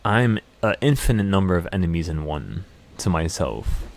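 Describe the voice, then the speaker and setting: A man hosting a trading channel, speaking in an intense, rambling motivational monologue full of excitement and repeated words. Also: deep voice, normal speed, gravelly.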